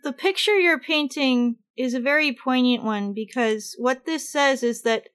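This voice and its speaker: Bright high-voiced woman discussing films. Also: measured pace, smooth. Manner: lively, animated, swears casually, laughs often. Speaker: podcast co-host. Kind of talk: casual film discussion.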